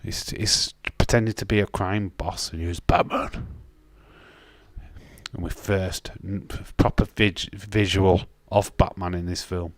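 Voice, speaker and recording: A man's voice: deep voice, fairly even intonation, unhurried, dry recording. A man with a Yorkshire accent hosting a live stream, chatting casually and bluntly, swearing freely and restarting his sentences. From Castleford, Yorkshire, England. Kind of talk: casual watch-along chat reading viewer comments.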